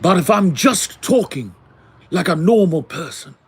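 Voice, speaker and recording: A pompous old-fashioned English gentleman, put on by a man, with a clear English accent. He pitches his voice well above his natural low register and talks in a strained, intense, drawn-out way, in a timbre unlike his usual one. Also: animated, exaggerated voice. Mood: mannered.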